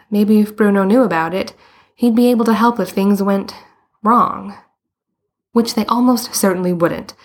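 A woman narrating a story in a calm, steady storytelling manner. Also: mid-range voice, slightly rough. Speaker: audiobook reader.

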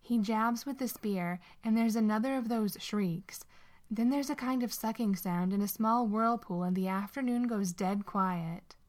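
A woman narrating a story aloud in an expressive, steady way. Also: on the high side, measured pace.

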